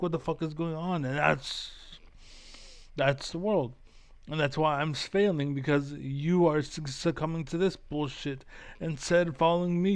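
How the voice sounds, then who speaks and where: A man's voice: a little high, smooth. A man ranting casually while reacting to political videos, rambling and profane, full of fillers and restarts. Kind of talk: casual rant.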